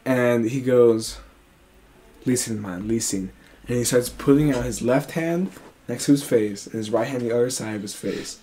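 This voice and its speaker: A young man co-hosts a casual podcast chat and tells a long story with animated, profane energy. His voice sits at an ordinary middle pitch. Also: moderate pace. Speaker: podcast co-host.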